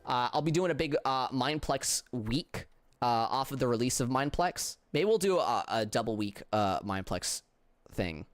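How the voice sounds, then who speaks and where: A tired man streaming a racing game, chatting casually with viewers in a flat, subdued way with halting restarts. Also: medium pitch. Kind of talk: casual livestream chat with viewers.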